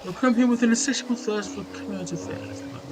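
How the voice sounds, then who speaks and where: A man's voice: sits high, lively intonation, fast, background noise, voice pushed up. Man doing a fretful wordy newsstand seller. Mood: chatty. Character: fussy middle-aged male newspaper seller. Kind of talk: reading game dialogue aloud.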